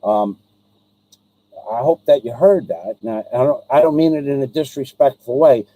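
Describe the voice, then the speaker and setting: A man's voice: medium pitch, normal speed, phone-quality sound. A man hosting his own live stream, speaking directly to a viewer in an aggrieved, repetitive way, with frequent ums and restarts. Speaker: livestream host.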